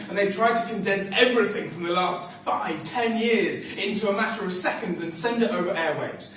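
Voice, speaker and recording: A man tells a story live on a theatre stage, rhythmic and repetitive, often sinking to a hush. His voice sits high and moves over a wide range. The sound is distant and echoes through the hall, with faint room noise. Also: lively intonation, brisk, few pauses. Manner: rhythmic and repetitive, dropping to hushed tones.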